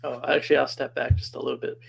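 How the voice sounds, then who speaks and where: Man with a gravelly voice, telling a story. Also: medium pitch, little pitch movement, rapid-fire, a little hiss or hum, low-quality recording. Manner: chatty, laughs often while telling stories. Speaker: podcast guest. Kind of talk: casual storytelling.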